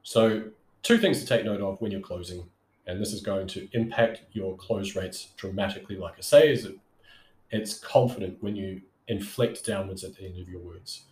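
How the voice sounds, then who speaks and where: A man's voice: low-pitched, moderate pace, a little mellow. Man coaching sales in a roomy echo. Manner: conversational, with many fillers and restarts. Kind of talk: casual coaching monologue.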